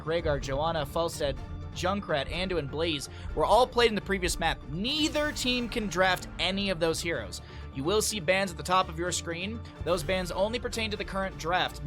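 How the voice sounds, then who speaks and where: A man's voice: on the high side, a bit bright. A young man from the American Midwest casting a live esports match, tired and chatty, turning aside to talk to his stream chat between plays. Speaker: esports caster. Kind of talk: live game commentary.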